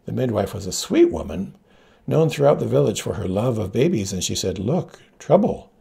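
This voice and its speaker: A man reading a story aloud, narrating in a gravelly voice and giving each character its own pitch. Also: sing-song, fairly quick. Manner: reads all characters with shifting pitch, quiet narration tags. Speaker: audiobook reader. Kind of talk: scripted narration.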